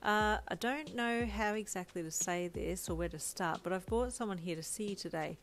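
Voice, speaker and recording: A woman voicing a relaxed, friendly young male winged hero in a fan-made audio story, speaking softly. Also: medium pitch, normal speed, natural voice. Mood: easygoing.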